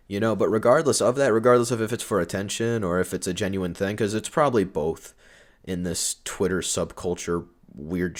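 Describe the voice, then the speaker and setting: Young guy ranting on his vlog, lowish voice, blunt and sweary, trips over his words. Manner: blunt, frequent swearing, rambling restarts. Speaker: video creator. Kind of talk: casual commentary vlog.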